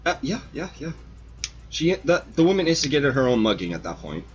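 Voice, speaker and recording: A man hosting a casual model-building stream, telling profane, animated stories in a relaxed chat. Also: a little high, fairly quick, lo-fi sound.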